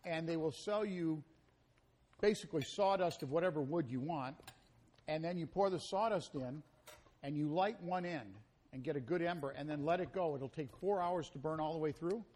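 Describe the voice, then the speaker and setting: A man's voice: on the high side, normal speed, a little mellow, a little hiss or hum. A man hosting a live radio cooking show, chatting in a jovial, rambling way. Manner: jovial, rambling, talks with mouth full. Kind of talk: casual live radio chat.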